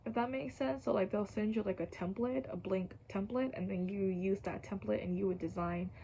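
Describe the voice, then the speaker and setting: A young woman talks through a casual how-to vlog at a middle pitch. Her delivery is chatty and full of fillers, and she often slips into a soft whisper. She sounds slightly out of breath, with faint noise behind her. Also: steady tone, normal speed, low-quality recording. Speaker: YouTuber.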